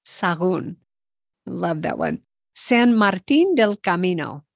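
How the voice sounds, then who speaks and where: A woman's voice: fairly low pitch, lively intonation, measured pace, dry recording, studio quality. A woman who is a native English speaker hosting a podcast language lesson, upbeat and self-deprecating as she prompts each word. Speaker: podcast host.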